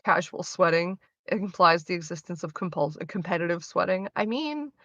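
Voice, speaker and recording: A woman's voice: on the low side, moderate pace, a bit bright, no room sound, muffled recording. A woman livestreaming, answering her chat in a frank, chatty way and swearing freely. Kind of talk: casual chat.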